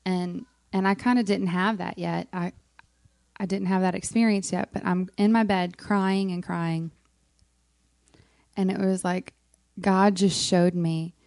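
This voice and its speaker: A woman with a warm, gravelly voice talks softly through a personal faith story, pausing on frequent ums. Her voice is close and dry, with no room sound around it. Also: fairly low pitch, fairly even intonation, dry recording. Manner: soft-spoken, frequent ums, emotional. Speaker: worship leader on a moms' panel. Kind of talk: casual heartfelt testimony.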